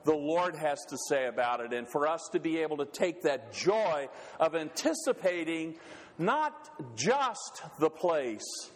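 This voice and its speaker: A man preaching a sermon in an earnest, halting way, often restarting his words. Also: a little high, big pitch swings. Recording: long reverb of a church hall.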